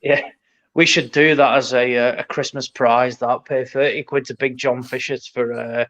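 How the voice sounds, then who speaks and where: A man's voice: mid-range voice, fairly even intonation, moderate pace, a bit bright. A man co-hosting a casual boxing chat, blunt and mocking, with plenty of swearing. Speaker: podcast co-host.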